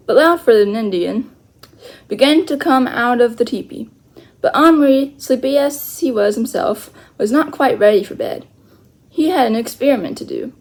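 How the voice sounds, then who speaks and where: A woman reading a children's chapter book aloud, slowly and carefully, with small self-corrections. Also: fairly high pitch. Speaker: storyteller.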